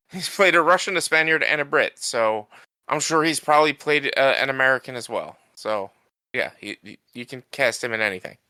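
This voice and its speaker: Chatting about a movie on the podcast he co-hosts, this man keeps restarting and filling pauses as he rambles. He speaks at normal speed in a sharp, medium-pitched tone, and the recording is dry.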